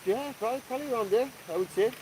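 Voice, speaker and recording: A man's voice: extremely high pitch, rapid-fire, crowd noise, low-quality recording. A man with a Hawaiian accent, chatting in a laid-back, teasing way as co-host of an outdoor night-time stream. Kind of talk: casual chat.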